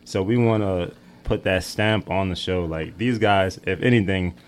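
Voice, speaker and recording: A man who is a local musician, chatting as a guest in a playful, animated way. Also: deep voice, normal speed, slight background noise. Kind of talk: casual chat.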